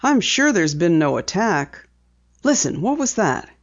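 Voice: mid-range voice, sing-song, a little slow. A reader voicing a middle-aged newspaper editor and father in a storybook reading, speaking sternly and a little irritably. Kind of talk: audiobook character reading. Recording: dull lo-fi recording.

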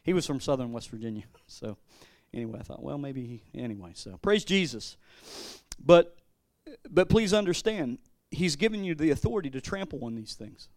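A pastor delivers a sermon from the pulpit in a high-pitched voice at normal speed, lurching between forceful loud declarations and hushed, chatty storytelling. He's animated, often stumbling and restarting phrases, and the sound is close and dry with no echo.

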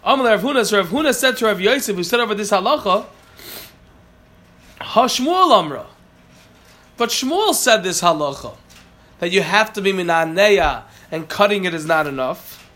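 Man, Talmud teacher, high voice, forceful tone, translates line by line, self-correcting. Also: expressive, brisk. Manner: translates each Aramaic phrase, often corrects himself. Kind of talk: Talmud class explanation.

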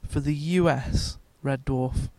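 A man's voice: mid-range voice, fairly even intonation, slow, dark tone, no room sound. A man co-hosting a podcast, chatting casually at a comic convention, rambling with restarts and frequent laughter. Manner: rambling, self-interrupting, laughs often. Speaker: podcast co-host. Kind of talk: casual chat.

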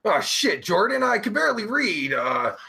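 Rowdy, profane New Jersey man, gravelly. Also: high voice, big pitch swings, normal speed. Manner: crude, profane, joking with loud outbursts. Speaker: live show host. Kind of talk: casual live-stream chat.

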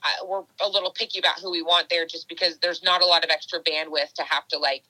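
A woman's voice: lowish voice, flat delivery, fast talker, bright, forceful tone, no room sound, poor audio. A woman obstacle racer chatting casually in an interview, rambling with many fillers and restarts. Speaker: obstacle race athlete.

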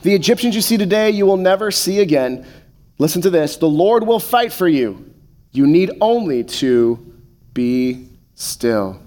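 A man in his thirties preaching a sermon, slowing to soft, deliberate pauses on key phrases. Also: high voice, animated. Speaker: pastor.

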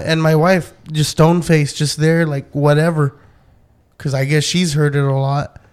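Guy on a podcast, swears constantly, cracks up telling stories, kinda high voice. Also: fairly even intonation, normal speed, a little mellow, clear, resonant tone. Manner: profane storytelling, laughs a lot, acts out voices. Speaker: podcast host. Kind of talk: casual podcast chat.

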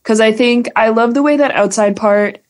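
A woman's voice: on the high side, normal speed. A woman co-hosting a podcast in casual, joking chat, rambling with many fillers. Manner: rambling, filler-heavy, jokey. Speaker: podcast co-host.

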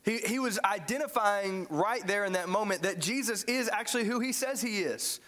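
A man preaching a sermon in a church, animated and joking as he acts out the story. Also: high-pitched, normal speed. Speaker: pastor.

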